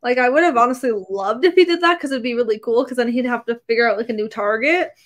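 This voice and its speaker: A woman's voice: fairly high pitch, fast. A young woman co-hosting a podcast, chatting casually and hesitantly, trailing off with fillers. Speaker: podcast co-host. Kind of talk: casual recap chat.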